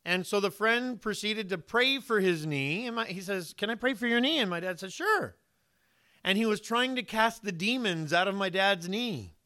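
Bright, clear-voiced man preaching a sermon. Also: high-pitched, normal speed, few pauses. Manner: animated storytelling, acting out quoted voices. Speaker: pastor.

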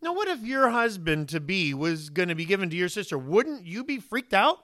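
A man preaching a sermon in an animated way, often putting questions to his listeners and briefly voicing the people in the story. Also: high voice, normal speed, no echo, studio quality. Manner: animated, asks the listeners questions, voices the figures.

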